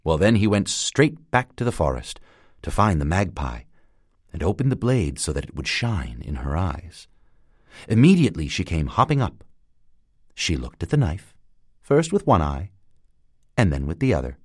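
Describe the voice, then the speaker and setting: A man narrating a fairy tale in a lively, expressive way. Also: sits low, moderate pace, breathy edge, no echo, clean studio sound. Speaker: storyteller. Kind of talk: storybook narration.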